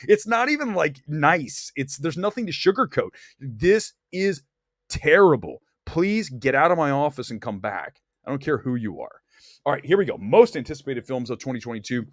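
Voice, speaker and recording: A man hosting a movie talk show, delivering blunt, opinionated box office commentary and climbing high in pitch when he gets worked up. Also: very animated, normal speed, no room sound, studio quality. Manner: blunt, opinionated, straight-talking. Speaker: host.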